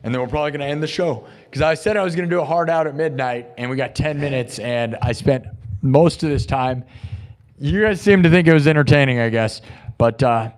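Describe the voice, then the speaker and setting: A young man hosting a live music stream, ranting and mocking his chat, swinging between shouting and muttering. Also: a little high, moderate pace.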